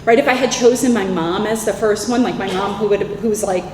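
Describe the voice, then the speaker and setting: A woman in her thirties with a New York accent, telling her personal recovery story candidly at a convention, in animated talk full of "like" and "right?". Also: medium pitch, brisk, noisy background. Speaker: recovery meeting speaker. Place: convention hall. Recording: echoey hall with faint ambience.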